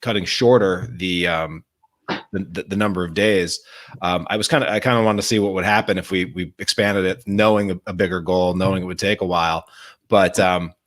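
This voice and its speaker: Halting low-voiced man hosting. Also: steady tone, fairly bright tone. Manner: halting, many fillers and restarts, chuckling. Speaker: writer, host. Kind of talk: casual livestream chat.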